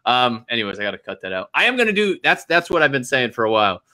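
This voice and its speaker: A man's voice: medium pitch, very animated, fast talker, sharp tone. A man hosting a casual interview, talking in a laid-back way, laughing easily and letting sentences trail off. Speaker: host.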